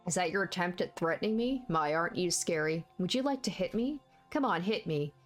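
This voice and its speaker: A woman voicing a sharp-tongued teenage girl who puts others down calmly and coldly. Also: lowish voice, fairly quick, soft background music, natural voice. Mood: taunting. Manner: calm, biting put-downs.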